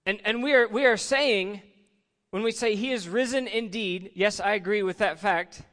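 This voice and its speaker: A man with a high voice gives a relaxed, conversational sermon and often restarts his sentences. His words ring out with a long reverb from a large hall. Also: normal speed. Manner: conversational, repeats words while searching for phrasing. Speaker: pastor.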